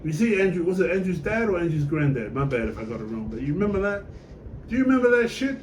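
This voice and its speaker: A man's voice: fairly high pitch, expressive, quick pace, darkish tone. Brief: male Tongan fan, fiery and profane, heard from a distance with faint background noise. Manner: passionate, profane and emphatic, with repeated questions to the viewer. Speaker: sports fan vlogger. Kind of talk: casual fan monologue. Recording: roomy echo, voice set back from the mic.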